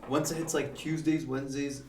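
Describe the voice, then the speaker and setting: A man's voice: mid-range voice, level tone, a little fast, roomy sound, noisy background. A young man, a barber hosting a podcast, chatting casually with lots of filler words. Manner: laid-back, lots of "like" fillers. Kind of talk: casual chat.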